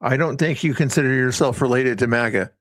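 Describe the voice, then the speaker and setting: A man's voice: medium pitch, fairly quick, dry recording. A man hosting a casual livestream, rambling and often breaking off mid-sentence. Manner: rambling, self-interrupting. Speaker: livestream host.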